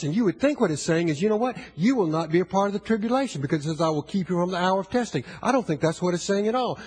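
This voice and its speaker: A man, older, preaching a sermon, moving from low, quiet storytelling to loud, fervent exhortation. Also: breathy edge. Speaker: pastor.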